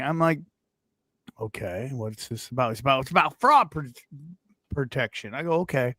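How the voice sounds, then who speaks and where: A man's voice: mid-range voice, moderate pace, long pauses, dry recording, studio quality. A man co-hosting a comedy podcast, telling a story in casual chat and putting on voices for the people in it. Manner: animated, puts on voices for people in his stories. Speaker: podcast co-host.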